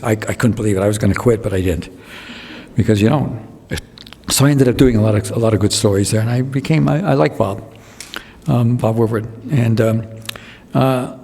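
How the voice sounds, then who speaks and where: A man's voice: medium pitch, a little mellow. An older man giving a rambling public talk at an evening event, digressive and incredulous, with many restarts. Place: lecture hall. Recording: long hall reverb.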